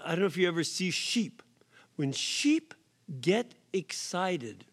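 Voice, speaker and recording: Slow, high-voiced man preaching. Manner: slow, emphatic preaching with sudden rises in pitch and volume; drops to a soft whisper for effect. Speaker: priest. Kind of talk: sermon. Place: prison chapel or hall.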